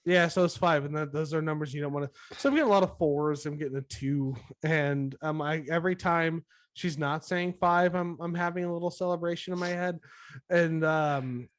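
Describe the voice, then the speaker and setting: A tipsy man co-hosting a loose podcast chat tells an anxious, sarcastic story. His voice sits high and lively, and he swears as he goes. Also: brisk. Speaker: podcast co-host.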